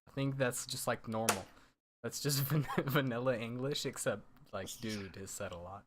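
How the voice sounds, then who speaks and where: A man's voice: medium pitch, normal speed, background noise. American man, podcast host, casual chat, laughs a lot, rambling. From United States.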